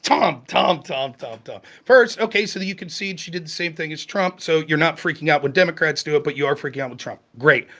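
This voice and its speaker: A high-voiced man argues hard in a heated political debate, cutting in and firing questions with a sarcastic edge. His tone is bright and forceful, and he keeps pushing his opponent for answers. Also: a little fast, hardly any pauses. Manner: combative, interrupting, sarcastic.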